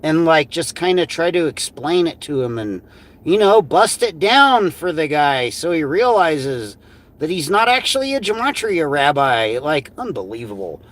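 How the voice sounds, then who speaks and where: A man's voice: on the high side, sing-song, normal speed, a bit bright. A man co-hosting a livestream, talking casually and exasperatedly, swearing constantly and filling his talk with "like". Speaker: livestream co-host. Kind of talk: casual profane commentary.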